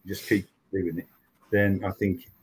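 An older man with a husky, slightly low voice tells stories in a relaxed podcast chat. He rambles, doubles back on his words and restarts sentences as he remembers. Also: a little slow, poor audio. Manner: rambling storytelling with many restarts. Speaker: TV writer and show creator, guest. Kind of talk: casual podcast interview.

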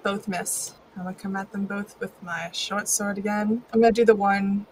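A woman playing a tabletop game, reacting quickly and declaring her attacks. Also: mid-range voice, steady tone, slight background noise, low-quality recording. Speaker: player.

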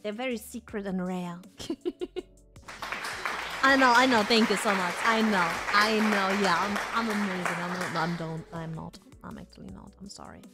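A woman streamer chatting casually with her viewers, excitable and swearing freely. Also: mid-range voice, normal speed, loud music behind the voice, over a noisy crowd.

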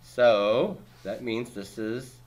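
A man teaching a class, reviewing homework by asking brisk questions and cracking dry jokes. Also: medium pitch, steady tone, a little mellow. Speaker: Hebrew teacher.

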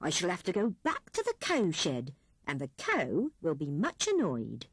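A woman's voice: sits low, huge pitch swings, a little slow, husky, dry recording, heavily acted. Woman playing a kindly grumbling old hedgehog. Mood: gruff. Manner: grumbling, homely. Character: kindly old male hedgehog, gruff and plain.

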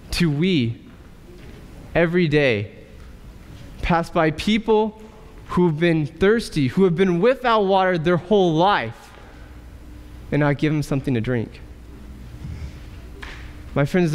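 A male pastor preaching a sermon in a church, asking rhetorical questions and pausing for effect. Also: high-pitched, clear, resonant tone. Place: church sanctuary. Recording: church hall reverb.

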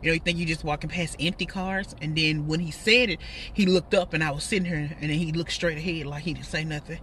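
A woman's voice: deep voice, steady tone, quick pace, fairly bright tone, recorded from a distance, slight background noise. A woman in her thirties with a Texas accent, chatting casually and laughing while she eats in her parked car. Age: 30s. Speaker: vlogger. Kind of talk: casual car mukbang chat.

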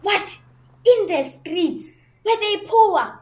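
A woman voicing an excitable, curious dog friend with a playful manner. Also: sits high, measured pace. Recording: roomy sound with faint noise.

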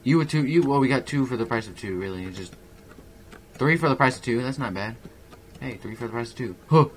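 A young man giving casual, rambling gameplay commentary, self-mocking with excitable bursts. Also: mid-range voice, fairly quick, a little hiss or hum. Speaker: gaming YouTuber.

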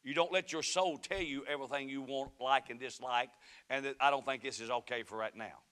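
A middle-aged man with a Southern US accent preaching a sermon as pastor, moving between shouted fervent passages and quiet storytelling. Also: medium pitch, steady tone, fairly quick, clean tone. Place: church sanctuary.

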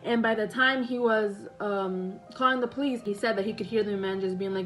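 A woman's voice: medium pitch, steady tone, brisk, hardly any pauses, a bit bright, soft background music, poor audio. A young woman casually retelling a story to her viewers, rambling and correcting herself with many fillers. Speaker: vlogger.

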